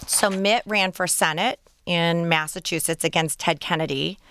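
A woman's voice: fairly low pitch, normal speed, a bit bright, clear, resonant tone, dry recording, clean studio sound. A woman from Michigan, a guest on a radio interview, telling stories in short, earnest clauses.

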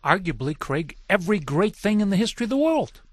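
A man hosting a radio talk show, interviewing a guest in the studio with measured questions and introductions. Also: high voice, sing-song, no echo.

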